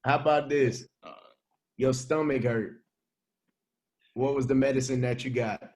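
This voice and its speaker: Mid-pitched man telling a story. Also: fairly even intonation, unhurried, darkish tone. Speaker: podcast co-host. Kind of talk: casual storytelling chat.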